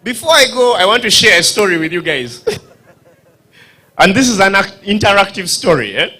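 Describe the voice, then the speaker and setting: A Ugandan stand-up comedian spins a long comic story with a lively, swooping voice. He acts out characters and noises and throws quick questions to the crowd. His voice sits a little higher than most men's. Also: slightly rough. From northern Uganda. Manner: animated, acts out voices and sound effects, quizzes the audience. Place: dinner event hall.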